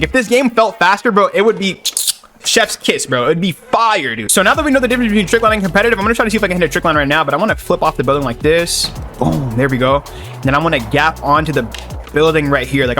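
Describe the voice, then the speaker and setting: A young man, a gaming YouTuber, giving casual gameplay commentary in an excitable, slangy way, swearing at his fails. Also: a little high.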